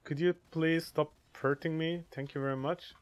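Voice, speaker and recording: A man's voice: fairly high pitch, steady tone, moderate pace. A man casually chatting on a gaming livestream, crude and joking as he reads chat aloud. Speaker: streamer.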